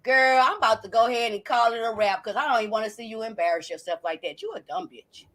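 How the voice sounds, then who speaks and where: A woman's voice: on the high side, fast talker, fairly bright tone. A woman hosting a live stream, brashly and profanely calling out a viewer while reading the chat. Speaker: livestream host.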